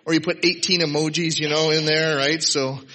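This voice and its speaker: A man with a fairly high, sharp voice speaks at a moderate pace with little pitch movement. He's a pastor preaching a conversational sermon to his congregation during a church service, casual yet emphatic, with "right?" asides.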